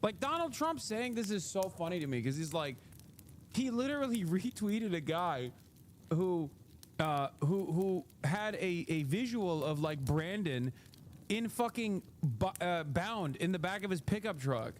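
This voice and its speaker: High-voiced man ranting on a stream. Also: measured pace, slight background noise. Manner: profane, heated ranting; animated, often laughing. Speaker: livestream host. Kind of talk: casual live commentary.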